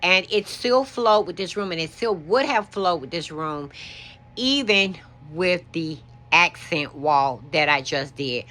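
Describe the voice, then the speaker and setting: A woman's voice: lowish voice, lively intonation, unhurried, a bit bright. A woman giving a chatty show-and-tell walkthrough of her decorated bedroom, explaining things as she points them out. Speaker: home decor vlogger.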